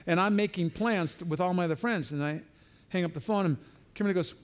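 A man with a high voice and quick pace leads an informal, verse-by-verse Bible teaching. His delivery is conversational, sprinkled with asides and restarts.

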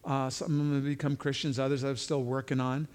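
A man's voice: medium pitch, level tone, fairly quick, darkish tone. A man giving an informal verse-by-verse Bible teaching, talking conversationally with frequent asides and restarts.

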